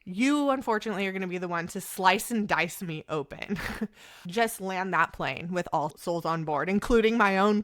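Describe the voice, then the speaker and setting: Podcast guest, woman, thirties, bright voice, animated storyteller who quotes others in voices. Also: fairly low pitch, moderate pace. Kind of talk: casual storytelling chat.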